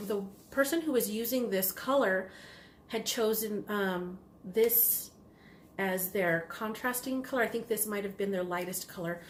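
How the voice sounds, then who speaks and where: A woman hosting a knitting video podcast, chatting casually and excitedly about yarn, rambling with lots of ums and restarts. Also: medium pitch, a little hiss or hum. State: has the hiccups. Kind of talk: casual chatty show-and-tell.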